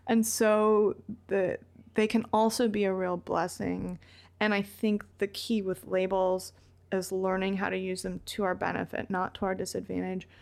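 A woman talks as a guest on a podcast, close to a big studio microphone. Her voice is mid-pitched. She speaks candidly and thinks aloud as she goes. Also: level tone, moderate pace, vocal fry, darkish tone. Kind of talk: reflective podcast conversation. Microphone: large studio microphone.

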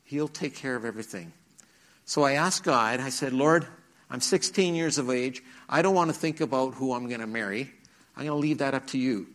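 Speaking at a moderate pace in a mid-range voice, a middle-aged youth speaker preaches to teenagers in a church. He shares his own testimony as an earnest story, acting out the quotes along the way.

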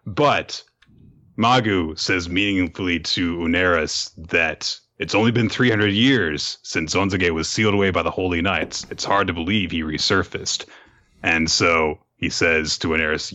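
A man's voice: low voice, pushed and bright, muffled recording. A man hosting a podcast, recapping a chapter in a casual, amused storytelling manner.

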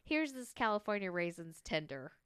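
A woman's voice: medium pitch, sing-song, moderate pace, a bit bright, smooth, dry recording, studio quality. A young adult woman co-hosting a podcast, chatting casually, joking and cracking up easily. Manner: giggly, jokey, cracks up easily. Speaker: podcast co-host. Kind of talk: casual chat.

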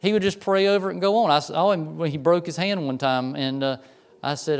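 A man's voice: fairly high pitch, fast. A pastor preaching a sermon in a conversational way, often repeating words as he tells stories.

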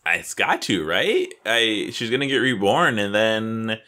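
A man co-hosting a casual gaming podcast, excitable and swearing freely. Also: on the low side, measured pace. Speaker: podcast co-host.

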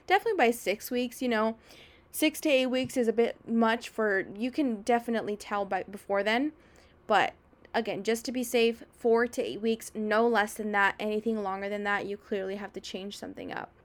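A woman's voice: fairly high pitch, normal speed. Upbeat woman host giving fitness advice. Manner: energetic, acts out clients' inner voices. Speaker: podcast host and fitness coach. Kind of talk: casual advice monologue.

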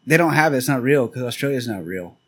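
Dude talking slangy, deadpan joke theories, casual hangout chat. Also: male voice, mid-range voice, quick pace, breathy edge. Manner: deadpan conspiracy joking, slangy. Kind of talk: casual podcast banter.

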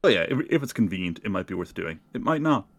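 A man's voice: low voice, very animated, fast, no echo. A man playing a tabletop game, chatting casually with wry joking asides. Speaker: player.

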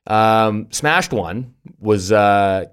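Middle-aged man, casual podcast chat, low voice, animated storytelling. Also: drawn-out words, clear, resonant tone. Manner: animated storytelling, many restarts and laughs. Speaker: podcast co-host.

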